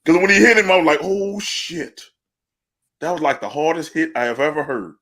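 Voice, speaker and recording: This man's voice is a little high and he talks very fast as a sports podcast co-host. He brags casually and tells lively stories, laughing and swearing as he goes.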